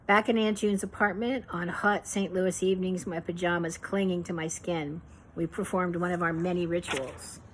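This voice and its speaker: A woman from Pittsburgh reading her memoir aloud in an unhurried, reflective way, now and then correcting herself. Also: fairly low pitch, fairly even intonation, slight background noise, low-quality recording. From Pittsburgh, USA.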